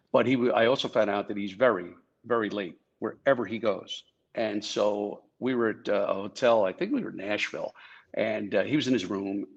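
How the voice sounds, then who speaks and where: An older man from New Jersey tells stories with a joking, animated delivery. His voice sits low with a gravelly edge. The audio is a bit dull and lo-fi. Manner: animated, joking, acts out dialogue. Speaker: former Secret Service agent, guest. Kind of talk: anecdotal storytelling.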